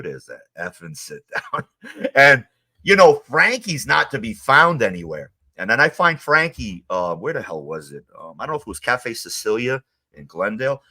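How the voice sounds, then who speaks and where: A man from Queens, telling stories in a casual interview, animated and acting out the quotes of others. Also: mid-range voice. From Queens, New York. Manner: animated, acts out quotes, swears. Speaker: guest, former mob associate.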